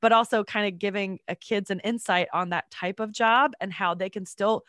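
A woman in her thirties from North Carolina, a podcast guest, chatty and congested, with her voice lower than usual. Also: fairly bright tone, no echo, clean studio sound. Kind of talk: interview answers.

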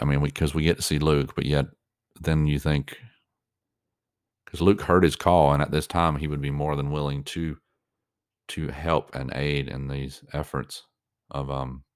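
A man's voice: extremely low pitch, little pitch movement, normal speed, pauses often, clear, resonant tone, no echo, studio quality. A man giving reaction commentary on a show, earnest and openly moved, rambling with many fillers and restarts.

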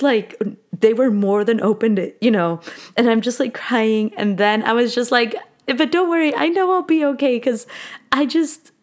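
A woman in her late twenties hosting a podcast, telling a personal story in a candid, emotional way and dropping in Spanish words. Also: on the high side. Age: late 20s. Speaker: podcast host.

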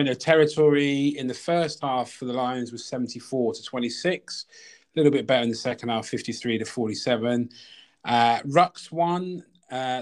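A man with a mid-pitched voice hosts a casual sports chat. He talks in a loose, friendly way and settles into a steady rhythm when he reads lists of numbers. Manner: reads off statistics in a steady list. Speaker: podcast host.

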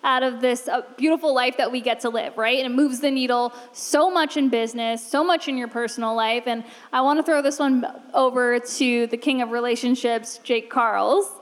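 High-voiced upbeat woman moderating a panel. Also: steady tone, normal speed, hardly any pauses. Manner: gushing, upbeat, praising. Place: event venue before live audience. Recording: long reverb of an event hall.

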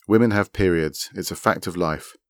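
A man's voice: sits low, moderate pace, fairly bright tone, no room sound, studio quality. A man reading aloud and voicing an impatient woman who scolds the men at the table. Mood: scornful.

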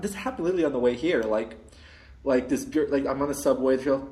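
A man telling a long story in casual chat, rambling with many restarts and putting on high voices for the people he quotes. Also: a little fast, a little mellow. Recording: roomy echo.

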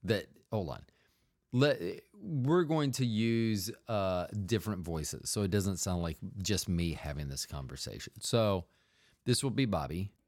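A man with a fairly low voice hosts a podcast on his own from home. He rambles in a jokey way, often breaking off and restarting his sentences. The sound is dry and close, with no room in it. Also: animated, unhurried, a little mellow, dry recording. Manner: rambling, self-interrupting, jokey. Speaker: podcast host. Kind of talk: casual comedic monologue.

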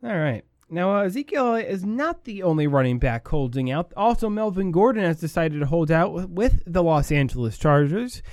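A man's voice: a little high, expressive, moderate pace, hardly any pauses, a little mellow, no room sound, studio quality. A man hosting a sports talk show, giving opinionated commentary and repeating his points for emphasis.

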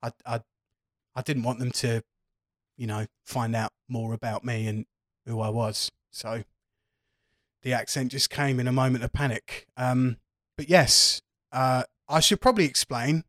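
A man's voice: medium pitch, fairly even intonation, measured pace, a bit bright, dry recording, studio quality, natural voice. A man voicing a rattled female fortune-teller who talks in a flustered, swearing way. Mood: explaining.

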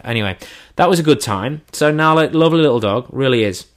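A man's voice: mid-range voice, lively intonation, quick pace. An English man in his thirties telling comic stories in a dry, self-mocking way, swearing casually. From England. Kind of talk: comic storytelling.

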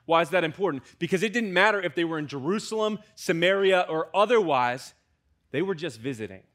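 A young American man, a student pastor, preaching a conversational sermon with lively asides to the congregation. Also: on the high side, fairly quick. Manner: conversational, animated preaching with fillers and audience asides.

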